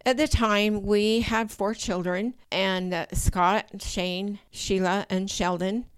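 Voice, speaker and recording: An older woman telling a personal story in a lively way, acting out her own past thoughts with sudden high rises in pitch. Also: takes it slowly, smooth, dry recording. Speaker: guest telling a true story.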